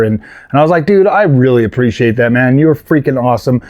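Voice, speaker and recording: A man's voice: medium pitch, lively intonation, fast talker, a little mellow, muffled recording. A man telling a frustrated, rambling story in a casual vlog, full of fillers and restarts. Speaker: gaming and tech YouTuber.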